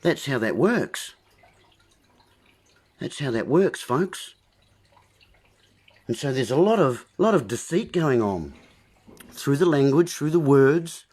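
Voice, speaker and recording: A man's voice: mid-range voice, sing-song, slow, long pauses, darkish tone, breathy edge. A man hosting a livestream, giving a rambling, preachy wordplay monologue with asides to his viewers. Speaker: livestream host.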